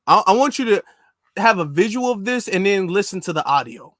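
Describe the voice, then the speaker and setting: A man's voice: high-pitched, animated, brisk, a bit bright, no room sound. A man giving opinionated commentary on a close mic, talking in an incredulous, repetitive, ranting way. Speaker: commentary vlogger.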